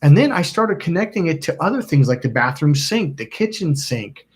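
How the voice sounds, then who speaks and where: A man's voice: fairly high pitch, sing-song, moderate pace. A man hosting a self-help channel, telling a story in a rambling, casual way, acting out quotes and swearing now and then. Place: indoors by a smoking candle.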